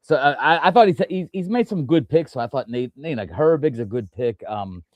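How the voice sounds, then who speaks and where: A man's voice: mid-range voice, expressive, normal speed, darkish tone, dry recording, muffled recording. A man hosting a casual sports talk show, rambling through his points with frequent restarts and fillers. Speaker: podcast host.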